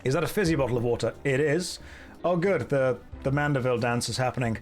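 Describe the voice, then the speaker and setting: A young man giving casual live commentary on a game he is streaming, with dry, sarcastic running jokes, talking from a warm indoor room. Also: mid-range voice, fast talker, soft background music.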